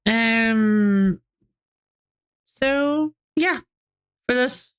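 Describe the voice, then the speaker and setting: Bright, chatty woman streamer. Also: on the high side, takes it slowly, pauses often, clear, resonant tone. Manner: rambling, restarts sentences, giggles often. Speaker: game streamer. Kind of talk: casual live-stream chat, answering chat.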